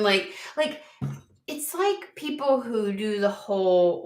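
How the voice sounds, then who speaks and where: A woman's voice: on the high side, sing-song, a little slow, a bit bright, reverberant. A woman giving a casual tarot reading, talking bluntly and swearing a lot in an exasperated rant. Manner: blunt, profane, exasperated ranting. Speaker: tarot reader.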